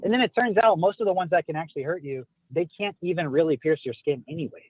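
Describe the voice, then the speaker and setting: A man's voice: fairly high pitch, fast talker, breathy edge, no echo. A man in his thirties calling in to a casual group podcast chat, rambling and swearing casually. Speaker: podcast co-host. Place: calling in while out driving. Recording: tinny phone line.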